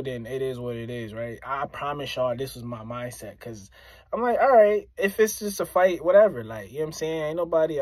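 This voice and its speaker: A man's voice: medium pitch, no echo. A man from Springfield, Massachusetts, a rapper, telling a story casually and talking straight to his listeners, often repeating himself for emphasis. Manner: animated, addresses listeners directly, repeats phrases for emphasis.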